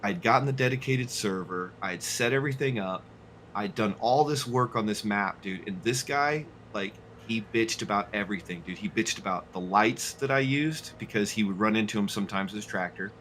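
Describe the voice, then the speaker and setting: A man who hosts a game stream, telling a story in casual, animated, profane chat. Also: on the low side, fairly quick, a little hiss or hum. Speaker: streamer and host.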